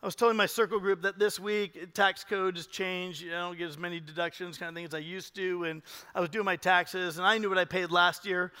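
A man preaching with a high, bright, sharp voice, swinging from loud urging to hushed emphasis. It is a lively church sermon, recorded with the long reverb of a large hall. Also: fairly quick, hardly any pauses, clear, resonant tone. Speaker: pastor.

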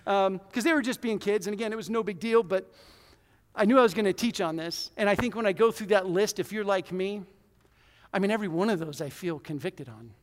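High-voiced pastor with a booming hall echo. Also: male voice. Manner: conversational and self-deprecating, with sudden loud bursts. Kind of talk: sermon. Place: church hall. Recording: reverberant church hall.

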